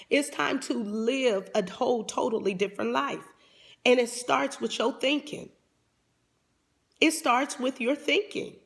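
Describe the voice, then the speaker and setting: A woman's voice: high voice, creaky. A woman life coach giving a motivational talk in a fervent preaching cadence, often repeating "come on".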